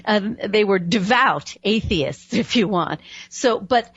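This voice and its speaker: A woman's voice: medium pitch, animated, takes it slowly, a bit bright, slightly rough, dry recording, muffled recording. A woman hosting a radio talk show, chatting casually with a guest and dropping lots of "you know"s. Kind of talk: casual interview chat.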